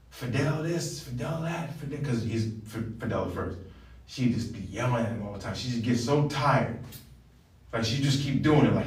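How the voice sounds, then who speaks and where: A man's voice: medium pitch, recorded from a distance. A man giving a blunt, profane motivational talk as a wellness coach. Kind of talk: motivational monologue. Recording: roomy, from off the mic.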